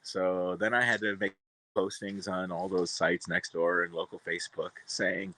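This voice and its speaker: Man, low pitch, forceful voice, dry close recording, chatty rambling storyteller. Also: level tone, normal speed, dry recording, poor audio. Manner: chatty, exasperated, talks to his cats in between. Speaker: cat owner vlogger.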